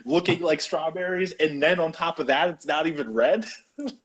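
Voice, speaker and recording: Young man with a higher voice, rambling. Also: normal speed, highs cut off. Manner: rambling, searching for words. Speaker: podcast co-host. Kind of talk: casual chat.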